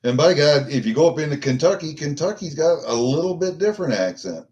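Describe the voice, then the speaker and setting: A man's voice: fairly high pitch, expressive, fairly quick, darkish tone, muffled recording. A middle-aged man chatting casually with his livestream viewers, rambling and swearing, with lots of fillers and restarts. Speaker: vlogger chatting with live viewers.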